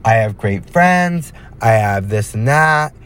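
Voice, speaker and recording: A man's voice: on the low side, animated, slow, fairly bright tone, clean tone. Young man rambling on his podcast. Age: young adult. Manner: rambling and jokey, talks straight to listeners. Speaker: podcast host. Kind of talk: casual solo chat.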